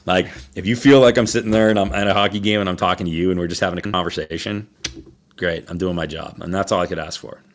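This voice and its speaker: A man's voice: deep voice, steady tone, fast. A hockey broadcaster, a man, chatting as a guest on a podcast in an easygoing, conversational way with many restarts. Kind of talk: casual podcast interview.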